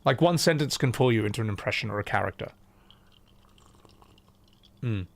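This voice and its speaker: Male streamer, gravelly, casual and loose-tongued. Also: lowish voice, animated, moderate pace. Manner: chatty, loose, swears casually. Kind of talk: casual live-stream chat.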